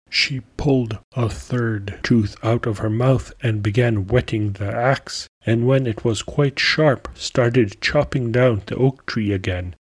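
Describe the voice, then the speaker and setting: A man narrating a folk tale as a storyteller, in a measured, steady way. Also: mid-range voice, breathy edge. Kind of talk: scripted narration.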